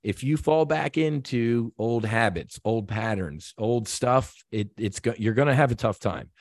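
A man's voice: medium pitch, a little slow, darkish tone, dry recording, studio quality. A man guest on a podcast, telling a personal story in an earnest, heartfelt way, with many restarts and repeated words.

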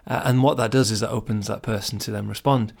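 A man's voice: lowish voice, steady tone, quick pace, gravelly. A man hosting a podcast, giving earnest, encouraging advice straight to the listener in a casual monologue. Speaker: podcast host.

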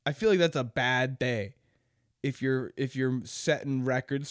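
Young male podcast host, solo, crude and rambling, clear voice, dry close sound. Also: mid-range voice, slow, no echo. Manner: rambling, crude, laughs often. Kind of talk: casual solo podcast chat.

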